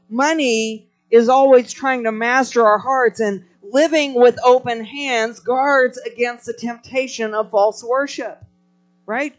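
A man's voice: high-pitched, measured pace. A man preaching a live sermon to a congregation, telling stories with energy and prompting the crowd to respond. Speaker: pastor.

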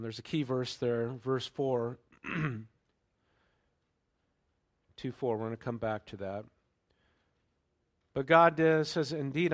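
A male pastor preaches in an easygoing, conversational manner, with plenty of fillers and quick check-ins with his listeners. His voice sits at an ordinary middle pitch, and it lifts higher and louder when he reads scripture aloud. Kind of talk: sermon.

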